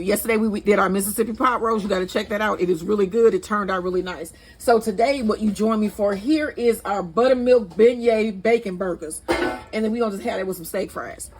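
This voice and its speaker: Chatty St. Louis woman cooking. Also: medium pitch. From St. Louis, USA. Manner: chatty, addresses viewers as y'all, laughs at herself. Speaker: cooking channel host. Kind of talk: casual cooking demonstration. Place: home kitchen. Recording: noisy home recording.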